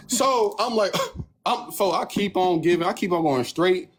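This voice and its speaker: A young man streams live from his phone, his voice sitting high and his delivery a little slow. He tells a story casually with plenty of cursing, and he lively mimics others' lines in a mocking tone.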